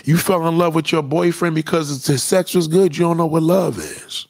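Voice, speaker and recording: A man's voice: fairly high pitch, moderate pace, creaky, a little mellow, no room sound, clean studio sound. A man delivering a profane, preachy rant straight at his audience. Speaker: commentator. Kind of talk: impassioned monologue rant.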